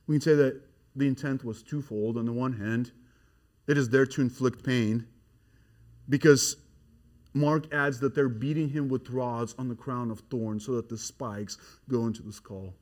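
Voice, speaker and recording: A man preaching an expository sermon, swinging from hushed, grave passages to loud, excited emphasis. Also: mid-range voice, moderate pace.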